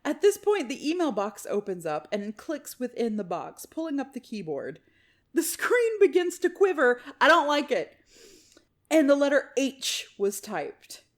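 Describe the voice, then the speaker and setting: Lively higher-voiced woman podcast host. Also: normal speed. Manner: animated storytelling, swears casually, laughs often. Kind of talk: reading a listener story aloud with casual chat.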